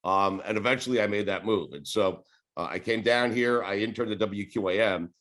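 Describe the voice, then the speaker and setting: A man in his forties with a New York accent, telling stories in a casual interview, rambling and relaxed, swearing and laughing as he goes. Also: on the low side, fairly quick. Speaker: sports radio host, podcast guest.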